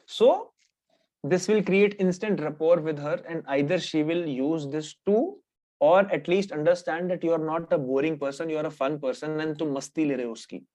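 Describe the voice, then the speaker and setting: A man with an Indian English accent teaching dating tips in a brisk, animated coaching lesson, mixing Hindi slang into his English. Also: on the high side.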